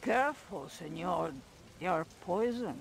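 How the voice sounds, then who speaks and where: An actress playing a sly female insect merchant in a video game, with a put-on foreign lilt and a drawn-out sales pitch. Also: expressive, vocal fry, a little hiss or hum. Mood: selling.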